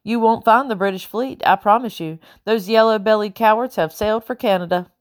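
A woman reading the part of a smooth, evasive colonial merchant who mocks lightly in an audiobook. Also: mid-range voice, a little fast, dry recording, clean studio sound, pitched above the performer's own voice, lightly acted.

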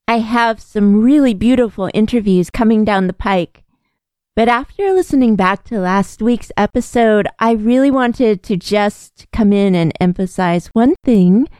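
Woman, podcast host, gentle reflective talk, fairly high voice, mellow tone, dry close sound. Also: dry recording. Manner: gentle, earnest, reassuring.

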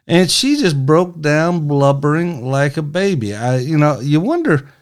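A man's voice: a little high, expressive, a little slow. A middle-aged man hosting a casual political commentary, talking in a sarcastic, mocking, folksy way.

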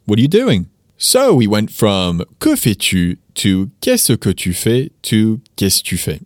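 A man hosting a casual lesson podcast, explaining phrases and saying examples slowly and clearly. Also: on the low side, dry recording, clean studio sound. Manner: lively, explains with slowed-down French examples. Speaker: French teacher, podcast host.

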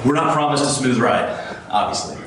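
A man's voice: mid-range voice, lively intonation, fairly quick, heavy background noise. A man preaching a casual sermon, reading scripture and asking his listeners questions. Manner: conversational, asks the listeners questions. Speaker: pastor. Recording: echoey room, mic far off.

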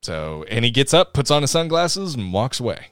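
A man co-hosting a casual podcast, recapping a film in a jokey, animated way. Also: medium pitch, normal speed, clear, resonant tone, no echo, clean studio sound. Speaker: podcast co-host.

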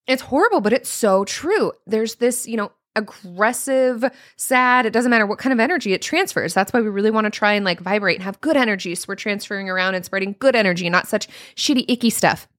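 A woman coach in her thirties talks through a casual solo podcast episode. She is animated and profane, and she slips into high mock voices whenever she quotes someone. The sound is dry and close, with no room in it. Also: dry recording.

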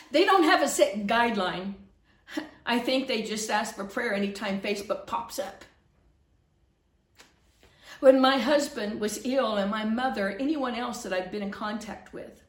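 A middle-aged woman pastor preaching fervently, swinging from loud scolding to hushed earnestness. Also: a little high, roomy sound. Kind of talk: preaching to camera.

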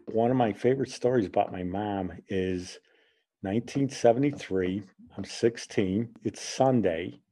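A man's voice: lowish voice, unhurried. A man in his sixties from the Chicago area, hosting radio and telling casual stories in a chatty way. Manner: chatty, lively when amused. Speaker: radio host. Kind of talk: casual storytelling.

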